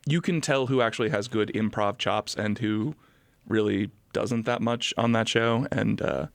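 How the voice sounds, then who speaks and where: A man co-hosting a podcast in casual chat, relaxed and quick to laugh along. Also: fairly low pitch, vocal fry, no room sound. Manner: laid-back, laughs along, improviser. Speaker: podcast co-host.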